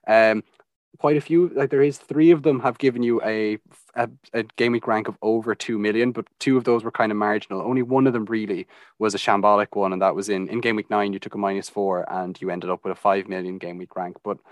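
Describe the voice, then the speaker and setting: Measured man, dry close sound. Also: fairly low pitch, fairly even intonation, no echo. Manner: measured, explanatory, data-heavy. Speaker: podcast co-host. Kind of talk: analytical podcast chat.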